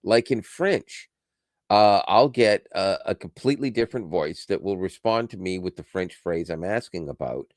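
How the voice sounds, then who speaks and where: Very low-voiced man, casual tech chat. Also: lively intonation, moderate pace, dry recording, studio quality. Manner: rambling, self-correcting, laughs often. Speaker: podcast co-host.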